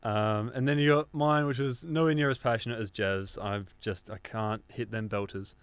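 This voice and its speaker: A man hosting a comedy radio segment in a mock-earnest, soothing tone. His voice is smooth and clear, mid-pitched, recorded dry and close. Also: steady tone, normal speed, no echo. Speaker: radio host.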